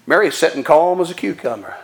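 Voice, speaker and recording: High-voiced folksy male preacher. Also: animated, fast talker. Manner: folksy, emphatic, conversational. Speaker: pastor. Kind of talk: sermon.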